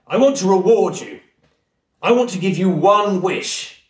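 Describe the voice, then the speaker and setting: A man voicing an enormous blue male genie with a big booming English voice, in a roomy-sounding recording. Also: lively intonation, measured pace, recorded from a distance. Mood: cheerful. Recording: roomy echo.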